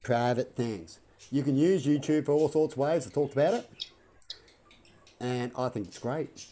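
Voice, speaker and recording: A man's voice: mid-range voice, normal speed, mellow, a little hiss or hum. A man, rambling through a casual vlog monologue full of rhetorical questions. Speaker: vlogger.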